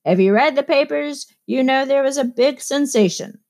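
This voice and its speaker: A woman reader voicing a male orchestra leader making a jovial, booming announcement to a party crowd in an audiobook. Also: moderate pace, darkish tone.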